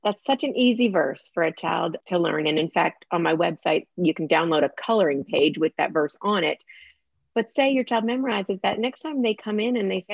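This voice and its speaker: Woman author chatting on a dull muffled line, gravelly low voice, laughs a lot. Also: brisk, dry recording. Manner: warm storytelling, laughs often. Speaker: author guest. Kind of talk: casual conversational interview.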